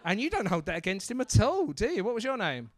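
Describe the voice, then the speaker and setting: A man's voice: high voice, huge pitch swings, quick pace, dry recording. A man working as a comedy club MC, doing brash, teasing crowd work on stage and swearing freely into a handheld mic.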